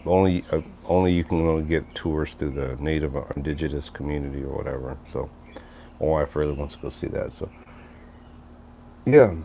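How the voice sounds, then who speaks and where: A deep-voiced middle-aged man chatting loosely on a livestream, rambling from one thought to the next as he answers his viewers. A faint hiss sits under his voice. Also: fairly even intonation, brisk, vocal fry, warm tone. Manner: rambling, conversational, reads chat aloud. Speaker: livestream host. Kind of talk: casual livestream chat.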